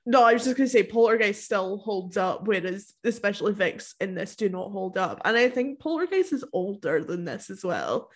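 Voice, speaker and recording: A woman's voice: mid-range voice, expressive, normal speed, hardly any pauses. A woman co-hosting a podcast, chatting casually and giving blunt opinions, with a lot of "like". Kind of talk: casual chat.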